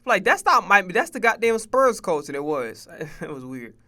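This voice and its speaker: A man's voice: sits high, very animated, normal speed, pushed and bright. A man streaming casual sports reaction talk, profane and laughing, often stammering and repeating himself.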